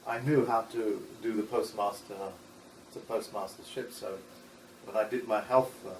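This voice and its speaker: A man talking as an interview guest in casual conversation, halting with many restarts and short laughs. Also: on the low side, steady tone, a little hiss or hum. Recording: echoey room, voice from far off.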